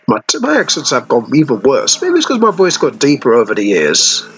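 A man hosting a let's play, excitedly commenting on a fighting game and calling out special moves as he plays. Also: medium pitch, a little fast, hardly any pauses, soft background music, low-quality recording. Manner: thanks himself with repeated thank-yous after wins. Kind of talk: gameplay commentary.

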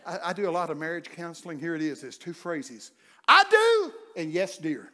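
A man's voice: on the high side, fairly quick. An older man preaching a humorous, folksy sermon full of stories, often laughing and acting out voices.

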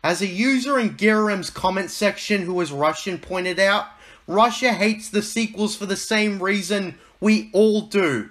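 A man's voice: sits high, measured pace, a bit bright. A man hosting a reaction video, commenting in a sarcastic, mock-dramatic way. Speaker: YouTube host.

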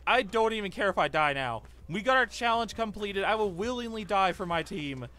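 A young man giving excitable live commentary over his gameplay, pleading with teammates and cheering at wins. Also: sits high, a little fast. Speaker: gaming YouTuber.

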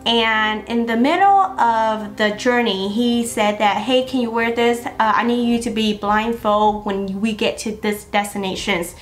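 A young woman beauty vlogger telling a personal story to her viewers in a chatty, animated way. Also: on the high side, unhurried, hardly any pauses. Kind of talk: casual storytelling to camera.

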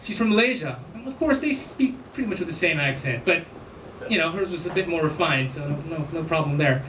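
High-voiced stand-up comedian, echoey room. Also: male voice, expressive, brisk, background noise. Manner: chatty, self-amused. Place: live comedy venue. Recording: roomy, distant, faint ambience.

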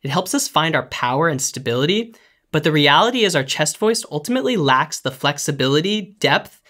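A vocal coach giving calm, clear, step-by-step instructions in a scripted singing lesson. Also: mid-range voice, fairly quick.

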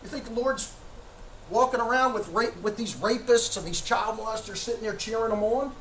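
A man preaching a sermon as pastor, emphatic, firing rhetorical questions at the congregation and shouting at times. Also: high voice, a little fast, a little hiss or hum. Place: church sanctuary. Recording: echoey church from a distance.

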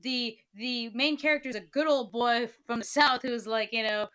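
An American woman chatting casually as a podcast guest, animated and full of "like" and quick laughs. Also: fairly high pitch, clean tone. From United States.

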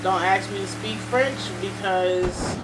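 A young woman with a Cleveland accent, a gaming YouTuber, talks to her viewers in a chatty, rambling way as she plays. Her voice is medium-pitched and slow, laid over loud game sounds with heavy background noise.

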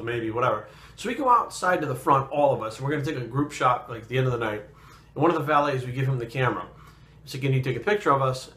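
A man's voice: mid-range voice, a bit bright, roomy sound. A man from New England telling a rambling personal story in casual, profanity-heavy talk. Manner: profane and rambling, swears constantly. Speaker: fitness vlogger.

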